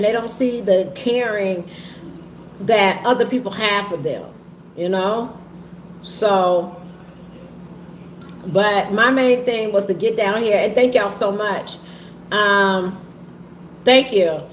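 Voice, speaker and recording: A woman talking candidly to her viewers in a halting, heavy way, often repeating herself. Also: mid-range voice. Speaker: vlogger and trucking business owner. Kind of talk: candid personal talk to viewers. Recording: echoey room with faint ambient noise.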